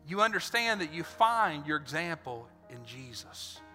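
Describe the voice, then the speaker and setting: Energetic pastor with a bright, high voice. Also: male voice, unhurried. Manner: energetic, animated, acts out scenes and voices. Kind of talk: sermon. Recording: reverberant hall with faint music.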